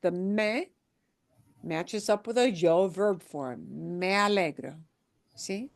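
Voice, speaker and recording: A woman's voice: mid-range voice, takes it slowly. A woman teaching a language class, explaining patiently with examples and frequent check-ins. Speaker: Spanish teacher. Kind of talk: class lesson.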